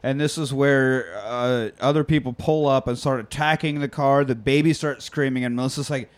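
A man's voice: mid-range voice, brisk, hardly any pauses. A man co-hosting a podcast, retelling a film scene by scene in casual, profane chat and acting out the characters' lines. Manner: animated, profane storytelling with quoted voices. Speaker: podcast co-host recapping a film.

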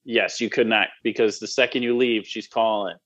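A man's voice: fairly low pitch, steady tone, moderate pace, fairly bright tone, muffled recording. Playful man spinning a joking scenario. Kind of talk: casual chat.

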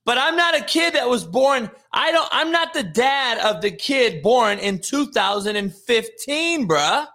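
A middle-aged man runs a live sports show and goes off in a profane, mocking rant. His voice sits high and swings wildly in pitch. He laughs between his lines, and his tone is bright and forceful. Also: expressive, a little slow, few pauses.

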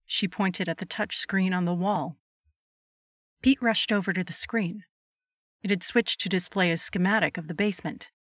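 A woman narrates a scripted horror story at a steady, measured pace. Her voice sits a little low and the recording is dry and close. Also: no echo.

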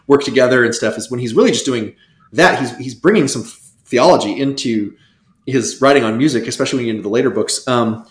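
A man speaking as a guest scholar in a casual interview, animated and rambling, with many restarts. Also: medium pitch, roomy sound.

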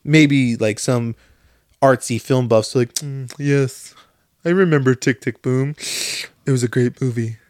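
A man's voice: medium pitch, a little slow, dry recording, clean studio sound. A young man chatting casually as a podcast co-host, telling stories with lots of swearing and animation. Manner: profane, animated storyteller. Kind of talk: casual chat.

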